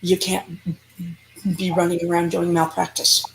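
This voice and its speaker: A woman's voice: fairly low pitch, a little slow, creaky, slight background noise, rough recording. A woman, a paranormal investigator, speaking emphatically and animatedly as an interview guest. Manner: emphatic, animated, laughs often. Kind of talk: casual interview chat.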